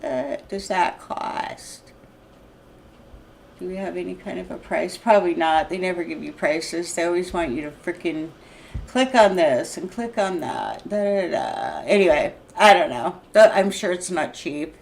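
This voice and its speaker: A woman's voice: fairly low pitch, very animated, a little slow, vocal fry, darkish tone, slight background noise. A woman, venting in an unscripted vlog, agitated and rambling, laughing often and swearing. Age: 60s. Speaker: vlogger.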